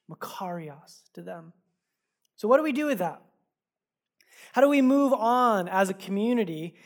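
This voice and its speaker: A male pastor giving a sermon to a live congregation in a church. He tells personal stories in a casual, conversational way with self-deprecating humor, often repeating words as he goes. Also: sits high. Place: church service before a congregation.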